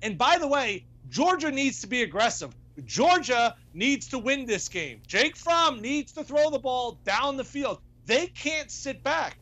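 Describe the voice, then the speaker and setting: Man, sports betting analyst, emphatic and hyped, repeats himself for effect, sharp bright tone. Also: extremely high pitch, big pitch swings, unhurried, few pauses. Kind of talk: animated studio sports debate.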